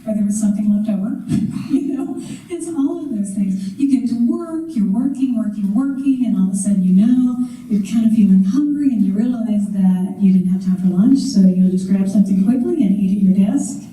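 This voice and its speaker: A middle-aged woman, a career coach, giving an animated conference talk and acting out her inner voices. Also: mid-range voice, fairly quick, few pauses. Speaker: career coach and motivational speaker. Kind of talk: conference talk to a live audience. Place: conference room. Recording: echoey hall, voice from a distance.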